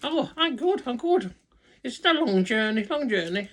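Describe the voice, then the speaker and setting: A woman voicing an excitable, chatty female hand puppet in a squeaky high voice, gushing and repeating herself. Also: normal speed. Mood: cheery. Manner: gushing and repetitive.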